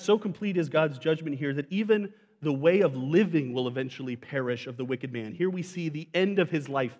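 A man preaches to his congregation in an easy, conversational way, often putting questions to the listeners. His voice sits a little on the high side. The sound carries the long reverb of a church sanctuary. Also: darkish tone, highs cut off. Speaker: pastor. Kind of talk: sermon.

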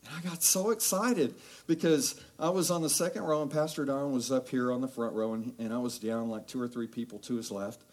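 A man preaching a sermon as a pastor, telling Bible stories in a conversational, animated way and acting out quoted voices. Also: medium pitch, a little fast.

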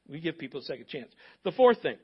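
A man's voice: a little high, very animated, fast talker, husky, dull audio. A man preaching a sermon as pastor, emphatic and repetitive, prompting the congregation to fill in notes. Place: church.

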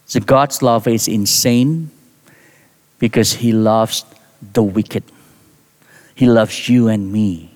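A man preaching a sermon as a pastor, deliberate, with rising emphasis on key words. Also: on the low side, a little mellow. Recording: long reverb of a large hall.

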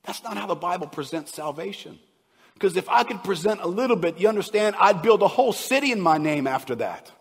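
A man preaching a sermon as a pastor, swinging between loud emphasis and hushed, near-whispered asides. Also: high voice, expressive, a little fast, gravelly, breathy edge, long reverb tail.

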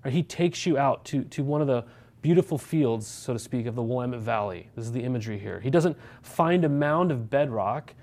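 A man's voice: mid-range voice, lively intonation, brisk, a little mellow. A man, a pastor preaching a sermon in a conversational way, asking many rhetorical questions and checking in with the congregation.

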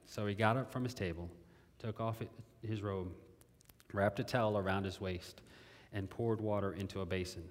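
A pastor preaches a conversational sermon, repeating phrases and putting questions to his listeners. His voice is on the low side, with fairly even intonation and normal speed, and a long hall reverb surrounds it.

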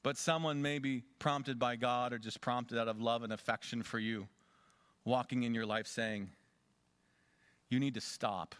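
A man preaching a sermon as a pastor, swinging between loud urging and quiet asides. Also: mid-range voice, level tone, moderate pace, clean tone, dry recording.

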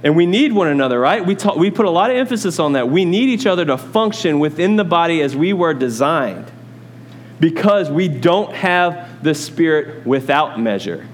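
A man's voice: a little high, animated, normal speed. Man preaching a casual Bible sermon. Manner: teaching Bible study, conversational asides to congregation. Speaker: pastor.

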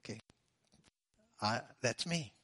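A man preaching a sermon, swinging between loud, drawn-out emphasis and hushed, low phrases. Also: expressive, slightly rough, no room sound. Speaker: pastor.

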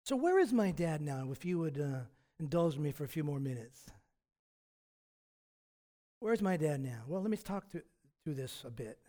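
Male pastor preaching, kinda high voice, thoughtful and chatty, keeps restarting his sentences. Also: big pitch swings, moderate pace, long pauses, mellow. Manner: reflective, conversational preaching with frequent restarts. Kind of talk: sermon.

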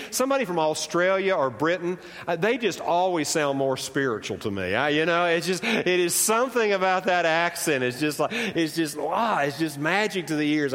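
An American man with a slight Southern drawl, a pastor preaching a sermon in a conversational, animated way that swings up and down. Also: a little high. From United States. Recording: long reverb of a church hall.

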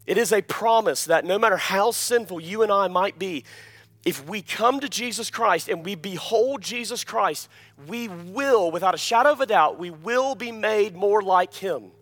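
A pastor preaching a sermon, emphatic, often asking the congregation "Amen?" and dropping to quiet asides between louder points. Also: male voice, animated, normal speed. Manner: emphatic, repeats key phrases, calls "Amen?" to the congregation; swings between loud emphasis and quiet, low-voiced asides.

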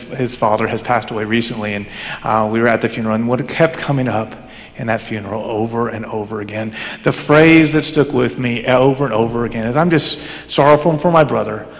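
A male pastor preaching a sermon, swinging between fervent raised emphasis and hushed, low passages. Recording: long hall reverb.

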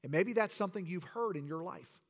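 A man's voice: high voice, expressive, brisk. A man preaching a sermon to his church with emphatic, rhetorical delivery. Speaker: pastor.

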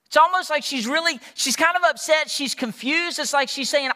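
A man's voice: very high-pitched, normal speed, bright, forceful tone. A man preaching a passionate sermon, retelling scripture dialogue with rising intensity. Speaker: pastor. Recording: large hall reverb.

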